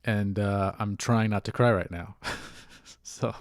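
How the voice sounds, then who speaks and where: A man's voice: fairly low pitch, fairly even intonation, measured pace, dry recording, clean studio sound. A man hosting a solo podcast, rambling in a candid, rueful way with a stuffy, sniffly nose from allergies. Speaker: podcast host. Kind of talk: casual solo podcast monologue.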